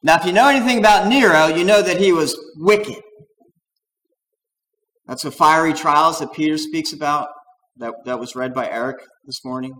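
A man preaching a sermon as pastor, talking in an animated, digressive way and acting out quoted voices. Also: mid-range voice, slight background noise, poor audio. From United States.

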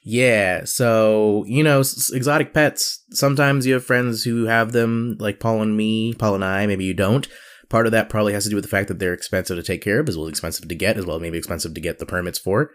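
A man's voice: fairly low pitch, steady tone, brisk. A man co-hosting a podcast in casual chat, joking and rambling with fillers. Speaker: podcast co-host.

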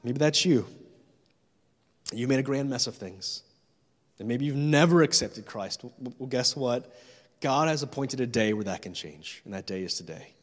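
A man's voice: medium pitch, animated, moderate pace, long reverb tail. Man preaching with urgent appeals. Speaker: pastor. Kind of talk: sermon. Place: church.

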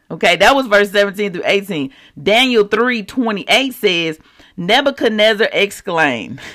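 A preacher teaching scripture in a casual, animated way, reading verses and turning to the listeners with quick asides. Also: mid-range voice. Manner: animated, talks straight to the audience with asides; slangy and conversational while quoting scripture. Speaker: Bible teacher.

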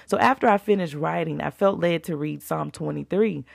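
A woman's voice: low-pitched, normal speed, vocal fry, no room sound, clean studio sound. A woman hosting a faith podcast, talking in a fervent, colloquial, preacherly way. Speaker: podcast host.

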